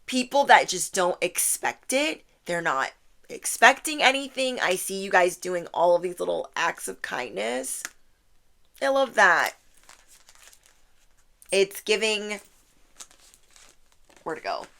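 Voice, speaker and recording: A woman in her thirties giving a channeled tarot reading, animated and playful, acting out her listeners' thoughts in quick voices and laughing often. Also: medium pitch, creaky. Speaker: tarot reader.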